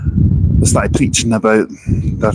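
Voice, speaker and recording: A man's voice: fairly low pitch, level tone, slow pace, mellow, poor audio. A man hosting a casual live vlog outdoors at a bus station, talking earnestly and chattily into a handheld mic. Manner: earnest, chatty, with frequent restarts. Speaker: vlogger. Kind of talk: casual live-stream chat. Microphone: handheld wireless mic.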